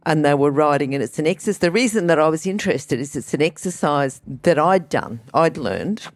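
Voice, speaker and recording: A woman's voice: low voice, expressive, a little fast, no room sound, studio quality, soft background music. A woman hosting an interview, thinking aloud in a rambling way. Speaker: interview host. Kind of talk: casual interview.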